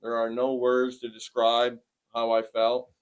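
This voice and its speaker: A man in his forties giving a personal testimony in conversation, plainspoken and earnest, with many pauses. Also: medium pitch, monotone, clear, resonant tone. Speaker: interviewee sharing a testimony.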